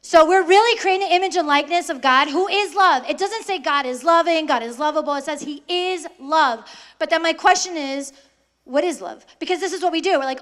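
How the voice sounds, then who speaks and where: A young adult woman speaking to high school students in a lively faith talk, asking them questions and acting out quoted voices. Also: brisk.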